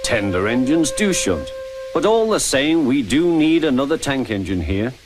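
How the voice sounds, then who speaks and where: A brisk, firm railway boss from a children's storybook, as a man voices him, kind and encouraging underneath. His pitch jumps about lively, with music playing behind. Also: natural voice. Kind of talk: storybook narration with character voices. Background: background music.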